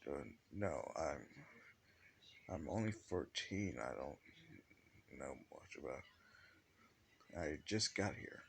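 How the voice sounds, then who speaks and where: A man voicing a calm fourteen-year-old boy in a quiet, plain way, close to his own voice. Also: extremely low pitch, takes it slowly, creaky, long pauses, a little hiss or hum, exaggerated voice. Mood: unsure.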